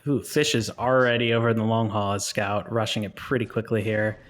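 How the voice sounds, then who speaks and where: A man co-commentates a live game stream in a somewhat low voice. He mixes play-by-play with running jokes, often laughing at his own lines. His delivery is loose and playful. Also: level tone, a little fast.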